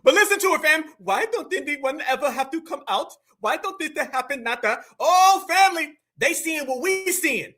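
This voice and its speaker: A man's voice: very high voice, sharp tone. A man hosting a live stream, reacting to clips with slangy, mocking commentary and talking straight to his chat. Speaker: livestream political commentator.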